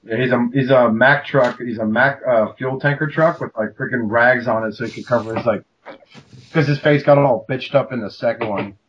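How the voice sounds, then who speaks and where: A man's voice: medium pitch, moderate pace, highs cut off. A man hosting a podcast, chatting casually in a profane, rambling way. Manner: profane, rambling, breaks into mock voices. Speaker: podcast host. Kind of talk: casual chat.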